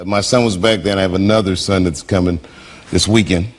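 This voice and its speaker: A man's voice: deep voice, fairly even intonation, a little fast, over a noisy crowd. A man guesting on a talk show, chatting in a laid-back, rambling way. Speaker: comedian guest. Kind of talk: casual talk-show conversation. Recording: loud background noise.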